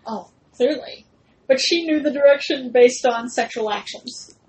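A woman co-hosting a casual comedic chat, reacting in a dry, deadpan way. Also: high voice, unhurried, low-quality recording.

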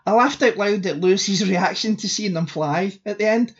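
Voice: mid-range voice, moderate pace, husky, highs cut off. A podcast co-host chatting casually about a film, wry and blunt, swearing offhandedly. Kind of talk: casual chat.

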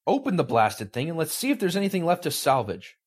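A man voicing a furious, blustering boss who snaps and shouts his lines. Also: on the high side, very animated, quick pace, breathy edge, pitched above the performer's own voice. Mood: barking. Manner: shouting, snapping. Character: furious, blustering middle-aged male boss.

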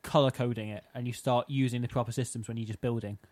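A man's voice: medium pitch, fairly even intonation, quick pace, a little mellow. A young man in a casual chat, making wry, teasing remarks.

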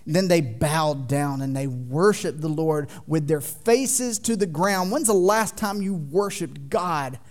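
A man in his thirties preaching a sermon in a church, folksy and joking with the congregation, swinging from loud to quiet. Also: a little high, takes it slowly, few pauses. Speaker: pastor. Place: church sanctuary.

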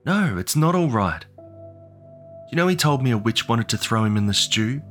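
Upset mother, protective, sharp and reproachful, voiced by a male narrator in a lifted register. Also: medium pitch, fairly even intonation, brisk, soft background music, voice pushed up, natural voice. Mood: scolding. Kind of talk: horror audio drama narration.

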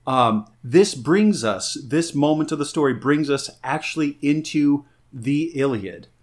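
A man's voice: a little high, animated, unhurried. Playful man giving a mini-lecture. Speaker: podcast co-host. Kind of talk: casual podcast chat.

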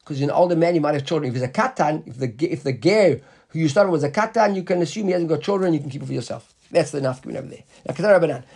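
High-pitched man teaching a Talmud class. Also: animated, gravelly, a little mellow, husky. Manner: explains, quizzes the class with quick questions; reads the Aramaic text slowly, then paraphrases in English. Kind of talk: Talmud class, casual explanation.

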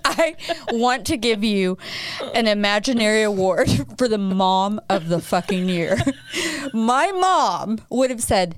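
A woman's voice: mid-range voice, animated, takes it slowly, no room sound. A woman co-host in casual chat, reacting with laughter and swearing. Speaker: podcast co-host.

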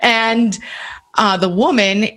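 A woman on a radio talk show telling a story in an animated, expressive way. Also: on the high side, takes it slowly.

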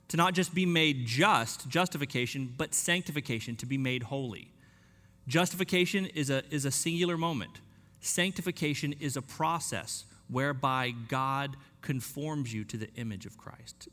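A man preaching a sermon in an earnest, emphatic way, slowing down and dropping quiet on key points. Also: mid-range voice. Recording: long hall reverb.

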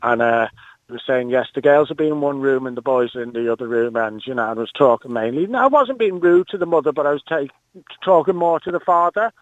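A man's voice: medium pitch, animated, a little fast, no room sound, highs cut off. Rambling Liverpool-accented male caller. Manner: rambling, lots of "you know". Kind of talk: phone-in storytelling.

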